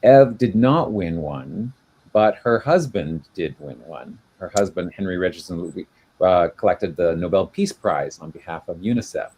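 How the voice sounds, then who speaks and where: A man's voice: sits low, animated, moderate pace, a little mellow, breathy edge. A man co-hosting a casual video-call chat, explaining at length with many fillers and restarts. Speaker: genealogy show co-host.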